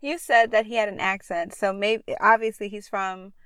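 A woman's voice: mid-range voice, fairly even intonation, normal speed, a bit bright, clear, resonant tone, dry recording, studio quality. A woman co-hosting a podcast from a parked car, cutting in with teasing remarks. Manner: teasing interjections. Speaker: podcast co-host. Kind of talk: casual chat.

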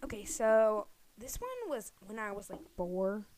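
A young woman co-hosting a podcast, telling childhood stories in casual chat with giggly, animated delivery. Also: medium pitch, unhurried, a little hiss or hum. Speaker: podcast co-host.

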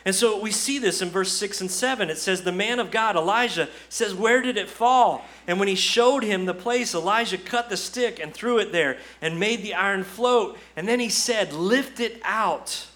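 Pastor guy preaching in church, high bright voice, keeps repeating himself to push the point. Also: moderate pace, few pauses. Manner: earnest, repetitive exhortation with rhetorical questions. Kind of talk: sermon.

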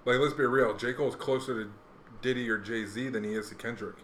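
A man's voice: medium pitch, fairly even intonation, fairly quick, a bit bright, slight background noise. A man chatting casually about rap music, rambling with many fillers and restarts. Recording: echoey room.

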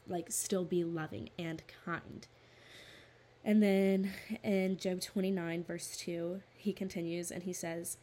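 Young woman, low-pitched and earnest, chatty devotional speaker with a faint hiss behind her. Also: warm tone. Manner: earnest, chatty, full of "like" fillers; reads scripture aloud in a steadier voice. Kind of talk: casual Bible study talk.

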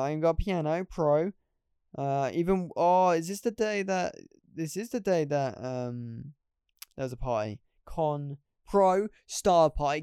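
A man's voice: a little high, mellow, clean tone, no room sound, studio quality. Rambling young man on a podcast. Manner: rambling, self-deprecating, laughs at himself. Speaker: podcast host. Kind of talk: casual solo podcast chat.

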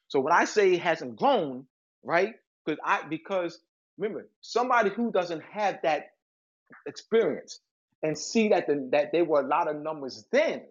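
Man with a high voice who lectures forcefully and repeats points, on dull lo-fi audio. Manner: emphatic and repetitive, restarts phrases. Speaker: guest author. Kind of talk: lecturing interview talk.

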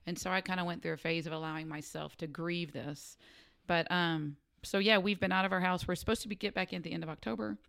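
A woman's voice: on the low side, fast talker, vocal fry, hardly any pauses. A woman co-hosting a casual chat, telling a story and acting out the lines of the people in it. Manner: animated storyteller acting out quotes.

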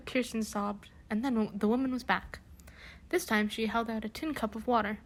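A woman's voice: medium pitch, fairly even intonation, a little fast. A young woman casually reading a children's book aloud, throwing in sarcastic asides and slang abbreviations. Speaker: reader.

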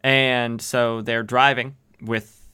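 A man's voice: mid-range voice, little pitch movement, slow, sharp tone, clear, resonant tone. A male podcast host casually recaps an old comic, rambling and tossing in wry jokes. He hesitates often with fillers and restarts, in an everyday mid-range voice. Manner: rambling, joking asides, frequent fillers.

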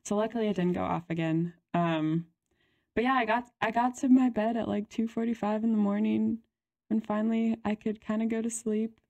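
Gravelly-voiced young woman telling a story. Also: medium pitch, fairly even intonation, normal speed, a little mellow, highs cut off. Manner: chatty, lots of "like" and giggles. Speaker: podcast co-host. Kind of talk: casual storytelling chat.

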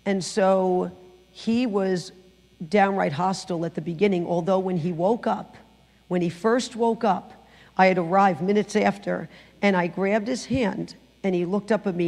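Middle-aged new woman giving her church testimony, animated storyteller, big hall echo. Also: mid-range voice, measured pace. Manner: animated storytelling, acting out quotes. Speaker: guest speaker giving testimony. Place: church sanctuary.

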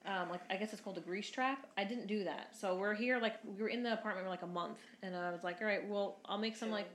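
A young woman in her twenties tells a story at a quick clip, rambling and filler-heavy, with casual swearing. Her voice sits mid-range, and the room rings with noticeable echo. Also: mid-range voice, a little hiss or hum. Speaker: podcast co-host. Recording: roomy echo.

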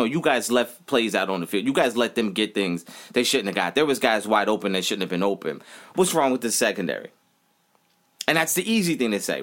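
A man's voice: on the low side, a bit bright. A man in his thirties hosting a casual podcast, ranting animatedly about college football, repeating himself and saying y'all. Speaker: podcast host. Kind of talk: casual solo sports rant.

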